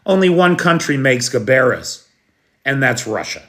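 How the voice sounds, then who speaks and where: An American man hosts a live news stream, unscripted and very animated, in a medium-pitched, slightly bright voice at normal speed. He's blunt and sarcastic, swears now and then, and speaks directly to his chat viewers.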